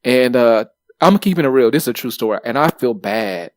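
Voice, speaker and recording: A man in his thirties co-hosting a podcast, telling stories in a lively way with plenty of swearing and fillers. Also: mid-range voice, a little fast, no room sound, studio quality. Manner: animated, swears freely, lots of fillers. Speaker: podcast co-host. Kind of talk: casual chat, storytelling.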